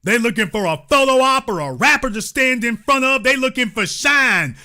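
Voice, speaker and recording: A man hosting a commentary show, delivering an animated monologue in a blunt, emphatic, repetitive way. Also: extremely high pitch, brisk, hardly any pauses.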